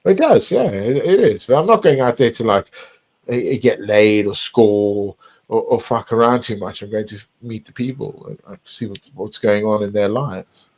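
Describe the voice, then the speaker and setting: A man's voice: lowish voice, normal speed, darkish tone, poor audio. A man chatting casually, rambling and repeating himself, swearing often. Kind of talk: casual chat.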